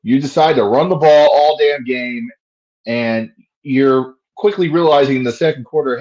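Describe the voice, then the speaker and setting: A man's voice: medium pitch, moderate pace, darkish tone, highs cut off. A man giving casual play-by-play commentary on a fan livestream, profane and frustrated, ranting between plays.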